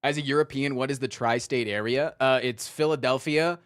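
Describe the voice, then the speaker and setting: A man's voice: medium pitch, steady tone, brisk, smooth, no room sound, studio quality. A young man from Virginia chatting casually on a live stream, joking and swearing, slipping into mock-indignant rants.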